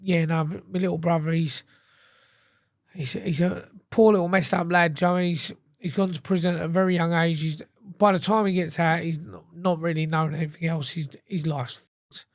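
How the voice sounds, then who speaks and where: This English man is a podcast guest in a casual chat, telling blunt, animated stories packed with swearing and repeated restarts. His pitch is fairly high and his pace brisk, recorded in studio quality with no echo.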